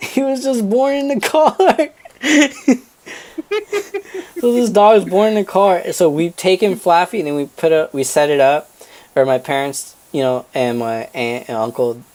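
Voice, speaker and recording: A young man on a casual podcast, telling a family story with lots of swearing and laughter and acting out relatives' voices. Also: fairly high pitch. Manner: animated, acts out family members' voices, swears freely, laughs mid-story. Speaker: podcast co-host.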